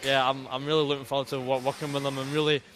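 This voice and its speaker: A man's voice: mid-range voice, level tone, rapid-fire. A young Scottish man, a racing driver, answering interview questions with many repeated words and restarts. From Scotland. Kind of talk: post-race interview. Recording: outdoor interview with clear background noise.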